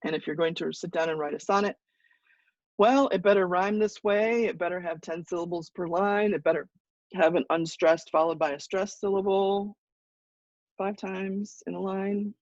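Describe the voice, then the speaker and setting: A woman's voice: lowish voice, steady tone, darkish tone, no echo. Woman lecturing on poetry in a dry, dull recording. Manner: explanatory, patient, thinks aloud with pauses; clears throat now and then. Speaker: college English instructor. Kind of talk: class lecture.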